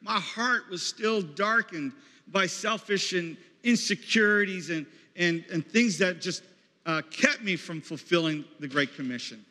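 A man's voice: sits high, unhurried, pushed and bright. A man leading a campus ministry, preaching in a conversational way and calling on people in the audience. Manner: conversational, calls on audience members. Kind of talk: sermon. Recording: echoey hall.

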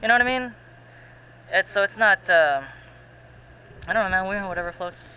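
A man's voice: high voice, normal speed, bright, forceful tone, a little hiss or hum, poor audio. A man chatting casually who asks loose, rambling questions and trails off mid-thought. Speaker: conversation partner. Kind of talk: casual chat.

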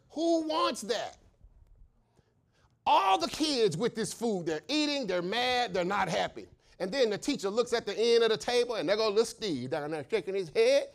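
A pastor with a high-sitting voice preaches an impassioned sermon, shouting at the peaks. He asks questions and answers them himself, and tells stories using acted voices.

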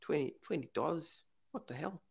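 A man's voice: a little high, moderate pace, gravelly, darkish tone, breathy edge, voice pushed up, exaggerated voice. A man putting on a stingy, dismissive moviegoer with an Australian or New Zealand accent, in a raised, scoffing voice.

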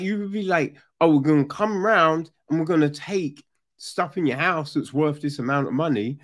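A man giving casual, sarcastic true crime commentary, animated and full of swearing. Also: on the high side.

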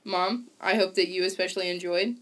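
A woman's voice: on the low side, fairly even intonation, fairly quick, fairly bright tone. A woman in her twenties co-hosting a podcast in casual chat, bubbly and giggly. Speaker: podcast co-host.

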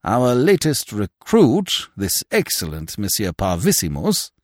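A man's voice: fairly low pitch, wildly swooping pitch, measured pace, no room sound, clean studio sound, pitched above the performer's own voice, full character voice. A man voicing a pompous, portly male troupe leader who blusters and takes offence. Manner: blustering, indignant. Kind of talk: audiobook character voice.

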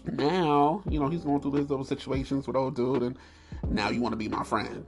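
A man hosting a podcast, telling a story in a candid, animated and profane way. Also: moderate pace, gravelly, music in the background. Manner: animated, profane storytelling with high squeals and laughs. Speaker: podcast host.

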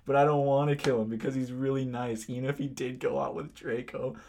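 A man's voice: mid-range voice, steady tone, fairly quick, creaky, darkish tone. A young man co-hosting a podcast, reading fan fiction aloud and often laughing and interrupting. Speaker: podcast co-host.

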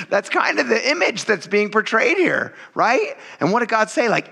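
A man preaching a conversational sermon, animated and laughing often, dropping to low quiet asides and rising into excited stretches. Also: moderate pace, creaky, few pauses, husky. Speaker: pastor.

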